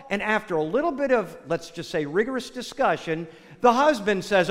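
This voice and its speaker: A man preaching a sermon, telling a joke in a folksy, animated way before turning to a Bible reading. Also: high voice, normal speed. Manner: folksy storyteller, animated with acted quotes. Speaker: pastor. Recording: long hall reverb.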